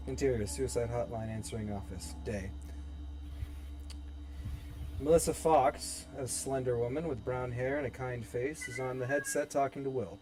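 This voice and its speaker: A man's voice: medium pitch, normal speed, few pauses. A young man narrating scene directions evenly in a dramatic reading of his own horror script. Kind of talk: dramatic script table-read. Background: background music.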